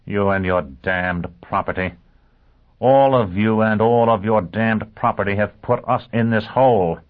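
A man's voice: on the low side, expressive, moderate pace, voice pushed up. A man barking as an impatient spy chief, tinny. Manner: barking, raised voice. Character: forceful, impatient male intelligence chief. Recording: tinny phone-like audio.

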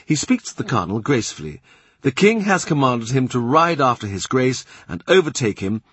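Man narrating literary fiction, husky and dry, understated. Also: on the low side, a bit bright, dry recording. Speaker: audiobook narrator.

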